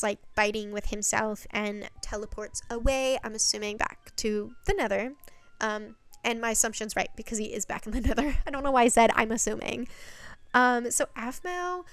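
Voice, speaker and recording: A woman's voice: fairly high pitch, a bit bright, smooth, dry recording. A woman chatting casually as she recaps a series, rambling with fillers and the odd swear. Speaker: channel host recapping a series.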